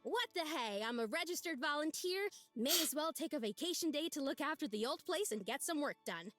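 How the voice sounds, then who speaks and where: A sing-songy, chirpy woman volunteer, cheerful on the surface and worn underneath, as a woman voices her in a story game. Her voice sits high and swoops widely. Faint music in the background. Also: expressive, a little fast, fairly bright tone. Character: cheerful overworked adult woman park volunteer. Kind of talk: reading a visual novel aloud.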